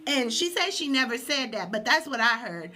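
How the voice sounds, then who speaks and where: A woman podcast host telling a story in a casual live stream, animated and acting out quotes. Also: normal speed. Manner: animated, acts out quotes with high yelps.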